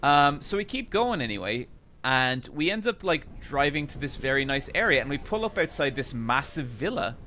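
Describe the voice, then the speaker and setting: A man streaming a game while telling a casual, animated story and swearing freely. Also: mid-range voice, normal speed, a little hiss or hum.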